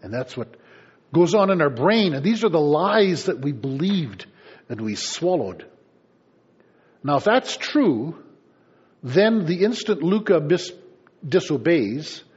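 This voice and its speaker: A man preaching to his congregation, chatty and teasing, slipping into asides and little acted-out scenes. His voice sits a bit high and swings widely in pitch, with a husky edge. The recording is dull and lo-fi. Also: very animated, takes it slowly, pauses often, a little mellow. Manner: conversational, playful asides to congregation. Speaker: pastor. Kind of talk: sermon.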